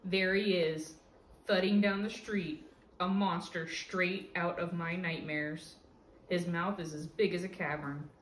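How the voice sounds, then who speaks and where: A woman reading a picture book aloud to a child in a lively, expressive way, at home. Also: lowish voice, slight background noise. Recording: roomy echo with faint ambience.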